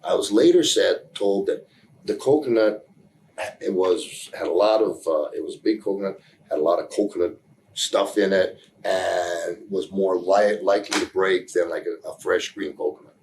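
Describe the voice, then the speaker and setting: A man giving a candid interview, telling a story in a rambling, halting way with many restarts, earnest and emotional in places. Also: low voice, darkish tone, slight background noise, poor audio. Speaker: interview guest.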